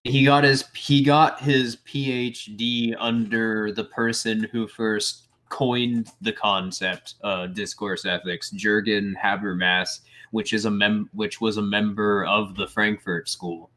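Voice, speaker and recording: A man's voice: lowish voice, little pitch movement, slow pace, hardly any pauses, fairly bright tone. A man co-hosting a casual political commentary stream, talking emphatically and often restarting his phrases. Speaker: co-host.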